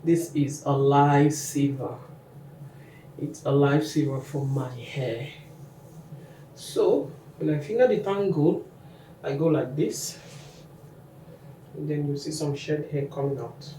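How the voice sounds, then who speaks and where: A woman with a low, mellow voice speaks slowly, with long pauses, as she guides viewers through her hair care routine in a chatty how-to vlog. She talks the viewer through each step, recorded in an echoey room with a distant mic and faint noise.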